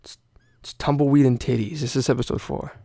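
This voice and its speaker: A man's voice: mid-range voice, flat delivery, a little fast, creaky, warm tone, no echo, studio quality. A young man hosting a casual podcast, rambling and swearing with lots of fillers. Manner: rambling, profane, many fillers. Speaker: podcast host.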